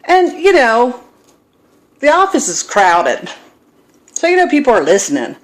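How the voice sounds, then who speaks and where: Her pitch swoops wildly around a fairly high voice as this middle-aged woman cooks in her kitchen and talks at a measured pace. It's a casual vlog filmed on her phone, full of rambling, self-deprecating stories.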